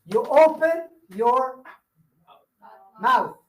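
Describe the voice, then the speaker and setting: A man's voice: very high voice, animated, drawn-out words. A man coaching salespeople in a live workshop, emphatic and playful, hammering his points home with repetition. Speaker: sales trainer. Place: meeting room with audience. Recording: echoey room.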